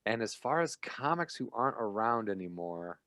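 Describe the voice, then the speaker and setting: Low-voiced man comedian telling stories. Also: moderate pace, dry recording. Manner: animated storyteller, acts out quoted lines, laughs while talking. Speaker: guest comedian. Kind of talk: casual interview chat, storytelling.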